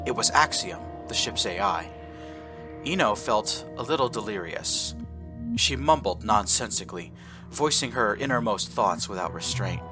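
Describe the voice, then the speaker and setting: Animated male storyteller reading fan fiction. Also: lowish voice, moderate pace, over music. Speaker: narrator.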